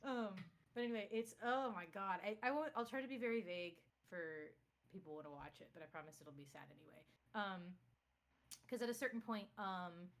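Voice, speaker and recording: A woman's voice: mid-range voice, fairly quick. A woman on a game stream, casually retelling a show in a rambling way full of fillers and restarts. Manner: rambling, filler-heavy storytelling. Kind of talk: casual chat.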